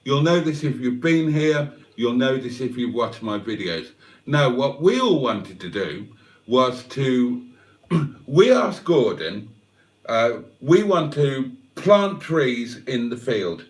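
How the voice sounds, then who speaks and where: A man's voice: mid-range voice, very animated, slow pace, far from the mic. A man hosting a livestream, telling a wry, rambling story with self-mocking asides. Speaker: livestream host. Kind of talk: casual livestream chat.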